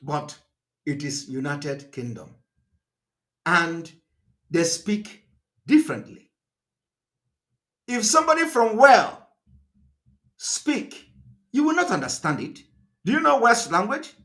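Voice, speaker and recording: A middle-aged Nigerian-accented man speaks in a high, bright voice that swoops widely up and down. He hammers his points by repeating them and pelting his listeners with rhetorical questions. It sounds like a live broadcast address. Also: very animated, slow, long pauses. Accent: Nigerian English. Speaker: political broadcaster.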